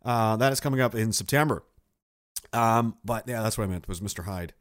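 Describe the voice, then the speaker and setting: A man's voice: fairly low pitch, brisk, dry recording, studio quality. A man streaming casual rambling commentary, sardonic and laughing often as he trails off.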